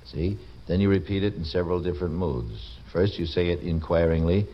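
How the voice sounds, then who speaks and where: A man's voice: deep voice, a little fast. A man hosting a radio show, joking wryly and reading letters and ads in folksy patter. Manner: wry, folksy, teasing. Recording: dull old radio broadcast, faint hiss.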